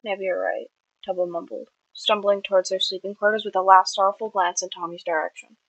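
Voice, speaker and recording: A woman's voice: medium pitch, steady tone, quick pace, fairly bright tone, lo-fi sound. A woman reading her own story aloud in a plain way, with small slips that she corrects. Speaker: fiction reader.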